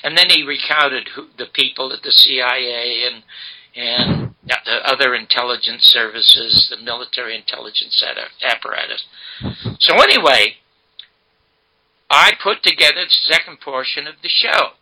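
An older man, a guest in an interview, retelling a story emphatically and dramatically in a gravelly, husky voice. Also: mid-range voice, moderate pace, pushed and bright, poor audio. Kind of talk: animated storytelling.

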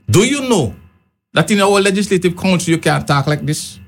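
A man's voice: fairly high pitch, expressive, fast. A man arguing passionately as a panel guest, pressing his point over and over. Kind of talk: heated debate.

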